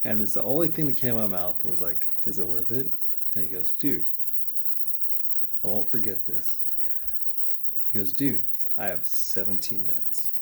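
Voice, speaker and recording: A man in his thirties tells a race story in a casual vlog. His voice sits low and sounds soft and warm. He rambles and reflects, breaking into quoted dialogue often. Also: lively intonation, normal speed, creaky, pauses often. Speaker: triathlete vlogger.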